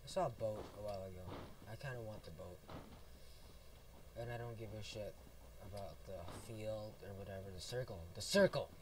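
A man's voice: fairly low pitch, fairly even intonation, brisk. A young man casually commenting on his own game as he plays, goofy and swearing a lot, talking to himself in bursts. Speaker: gameplay video host. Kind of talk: solo let's play commentary. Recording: distant mic, loud background noise.

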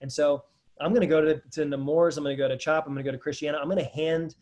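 A man's voice: a little high, flat delivery, quick pace, a little mellow. A man, a dentist, hosting a casual webinar Q&A, talking energetically and rambling straight to viewers.

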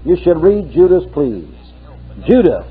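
Male preacher, fervent and husky, heard through a thin, phone-like old recording. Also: a little high, sing-song, unhurried, faint music behind. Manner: fervent, punctuated with hallelujahs. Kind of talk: sermon. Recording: tinny lo-fi archive sermon tape.

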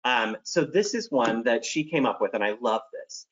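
Here is a man presenting a teacher training session, friendly and practical, with a voice of middle pitch. He acts out examples to make his points. The audio is dull and lo-fi. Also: lively intonation, normal speed, fairly bright tone, breathy edge.

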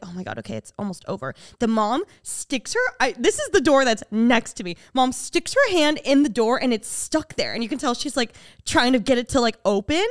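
A young woman on a podcast, one of its co-hosts, recounts a story in easy chat, animatedly voicing the quotes with big leaps in pitch. The sound is clean studio audio without any echo.

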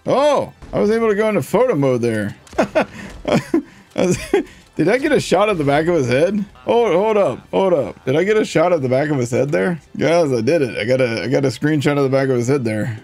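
Gravelly guy streaming a shooter, laughs a lot, voice jumps all over, game music under it. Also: fairly high pitch, fairly quick. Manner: excitable, laughs often, jokey. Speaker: gaming streamer. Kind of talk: casual gameplay commentary.

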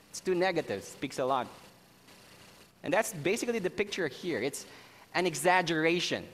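A man preaching a sermon as pastor, slow and emphatic, stressing key words. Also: high voice, a bit bright. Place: church sanctuary. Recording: church hall reverb, faint ambience.

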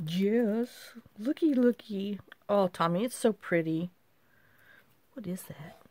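Taking it slowly with a medium-pitched, darkish voice, this middle-aged craft channel host goes through handmade craft mail. She exclaims often and chats to herself as she handles each item.

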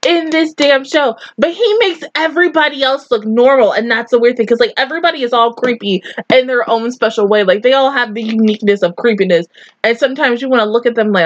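A woman reacting to and reviewing an anime in casual, expressive chat, swearing and breaking into loud outbursts. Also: on the high side, fast, dry recording, muffled recording.

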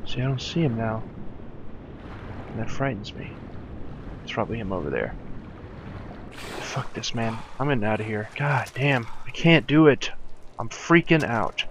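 Jumpy, swearing young gamer with a gravelly voice. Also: male voice, medium pitch, expressive, measured pace, long pauses, noisy background. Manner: jumpy, swearing, nervous laughter. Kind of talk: let's play commentary.

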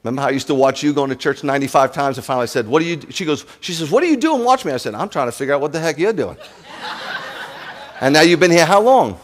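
A man, a rabbi preaching to his congregation in an animated, joking way and speaking straight to the listeners. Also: mid-range voice, quick pace. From New York. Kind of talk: sermon.

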